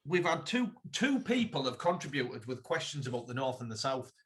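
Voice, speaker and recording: A man's voice: medium pitch, big pitch swings, fairly quick, a bit bright. Man teasing his co-host. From Teesside, North East England. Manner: teasing, dry, reads listener questions. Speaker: podcast co-host. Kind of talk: casual chat.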